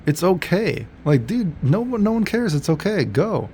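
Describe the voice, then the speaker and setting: A man's voice: high voice, sing-song, normal speed, a little mellow, a little hiss or hum, pitched above the performer's own voice. A man voicing a group of pushy, encouraging young men in casual bro talk. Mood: urging.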